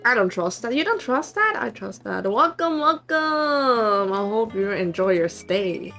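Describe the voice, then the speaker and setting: Woman streamer chatting with chat, bright and bouncy voice, giggly and teasing, slow easy pace, little bit of music behind. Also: medium pitch, expressive, creaky. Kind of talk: casual live-stream chat.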